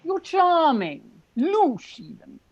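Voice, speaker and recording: A woman's voice: high voice, wildly swooping pitch, no room sound, muffled recording, heavily acted. Woman doing a teasing poet guy. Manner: teasing, slow rhymed banter. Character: playful British young man, punning poet. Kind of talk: live play reading. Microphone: video call.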